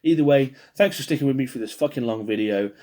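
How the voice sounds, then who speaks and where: A man's voice: mid-range voice, fast, noisy background. A man talking casually to camera, rambling and swearing with self-deprecating jokes, a little tired. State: yawning, tired. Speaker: podcast host ranking biscuits. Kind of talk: casual solo video monologue.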